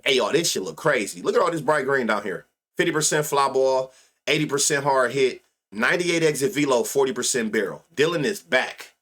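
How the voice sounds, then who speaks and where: This man, an American host of a live sports-betting stream, talks fairly quickly in a medium-pitched voice that's a bit bright. Expect casual chatter loaded with slang and curse words, frequent laughs, and stats muttered under his breath.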